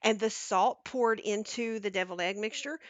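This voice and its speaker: A woman's voice: mid-range voice, normal speed. A woman hosting a home cooking stream, chatting and telling stories in a rambling way, often checking in with "okay?". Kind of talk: casual storytelling chat. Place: home kitchen.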